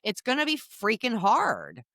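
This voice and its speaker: A woman's voice: on the high side, measured pace, no echo, clean studio sound. A woman co-hosting a podcast, a dog trainer who also judges matches, chatting with emphatic restarts. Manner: lively, many restarts, emphatic. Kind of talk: casual chat.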